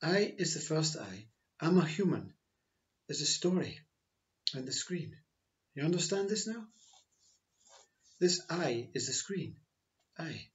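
A man giving a slow, reflective spiritual talk, repeating his phrases as he teaches. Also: fairly high pitch, very animated, muffled recording. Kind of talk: spiritual monologue.

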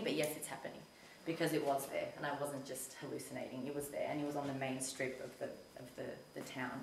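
A woman telling a personal story in a casual talk to an audience, chatty and animated when she quotes herself. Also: a bass voice, fast, creaky, slight background noise. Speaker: community talk speaker. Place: community centre hall. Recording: echoey hall recorded from a distance.

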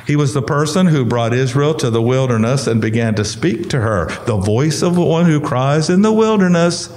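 A pastor whose voice is going hoarse, teaching a Bible study in a conversational way and asking the listeners questions. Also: male voice, mid-range voice, lively intonation, moderate pace, a little mellow.

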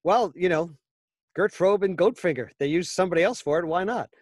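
Dry, slightly high-voiced male voice actor. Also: fairly quick, no room sound. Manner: wry, anecdotal, jokey. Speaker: voice actor guest. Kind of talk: casual interview.

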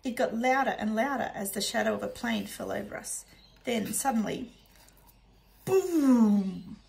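A woman reads a children's novel in the first person, her voice sitting a little high with a gravelly edge. Her delivery stays hushed and soft, often sinking close to a whisper. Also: brisk, poor audio. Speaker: audiobook narrator. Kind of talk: first-person storybook narration.

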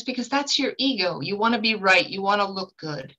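Bright-voiced earnest woman medium. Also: moderate pace, hardly any pauses, low-quality recording. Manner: earnest, animated storyteller with emphatic pitch swings. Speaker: medium and guest speaker. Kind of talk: conversational teaching talk.

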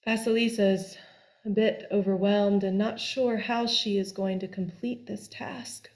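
A woman telling a folk tale aloud in a slow, deliberate, expressive way. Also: medium pitch. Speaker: storyteller. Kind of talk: storytelling.

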